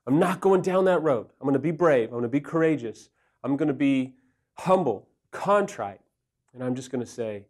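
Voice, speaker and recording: A man's voice: fairly high pitch, lively intonation, brisk, a little mellow. A man hosting a relationship advice talk, earnest and self-deprecating, acting out quoted lines in a raised voice. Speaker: host, recovery counselor. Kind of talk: candid advice talk to camera.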